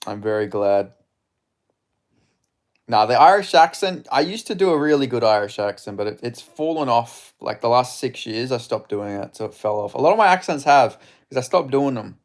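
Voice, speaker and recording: A man streaming live fight commentary, excitable and swearing, chatting with his viewers between rounds. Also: medium pitch, normal speed.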